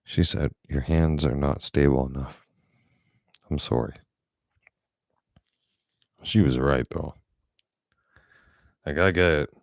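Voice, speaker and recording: Very deep-voiced angry man. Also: slow pace, gravelly, long pauses, no echo, studio quality. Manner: blunt, profane, angry storytelling. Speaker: vlogger. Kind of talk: casual storytelling.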